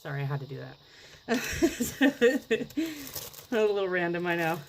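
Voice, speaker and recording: A woman's voice: lowish voice, big pitch swings, takes it slowly, a little hiss or hum, low-quality recording. A woman casually demonstrating a craft project, chatty and rambling, gushing over the results and sometimes dropping into a whisper. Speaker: craft vlogger.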